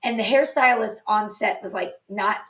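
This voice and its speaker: A woman's voice: mid-range voice, moderate pace, fairly bright tone. A young woman co-hosting a podcast, chatting casually and adding movie trivia. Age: young adult. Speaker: podcast co-host. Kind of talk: casual chat.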